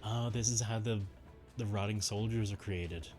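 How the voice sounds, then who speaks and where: A man's voice: on the low side, steady tone, moderate pace, a little mellow, soft background music. A man streaming a game, chatting casually in a rambling, chuckly way. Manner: rambling, chuckly, with restarts and mild swearing. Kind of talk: casual gaming stream chat.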